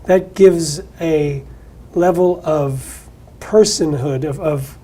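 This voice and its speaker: A man's voice: fairly high pitch, slow pace, dark tone, slightly rough. A man hosting an interview, responding to his guest with effusive, heartfelt reactions. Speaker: host. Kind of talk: casual interview.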